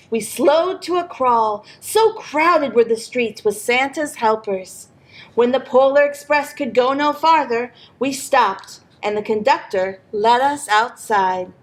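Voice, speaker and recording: A woman reading a picture book aloud in an expressive storytelling manner for a library program. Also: high-pitched.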